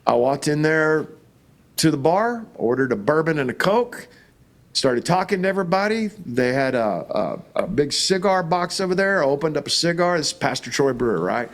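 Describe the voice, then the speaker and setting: A man's voice: fairly high pitch, normal speed. A middle-aged man, a pastor, telling stories in an interview and acting out the voices in them. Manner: animated, acts out quoted voices. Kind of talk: storytelling in an interview.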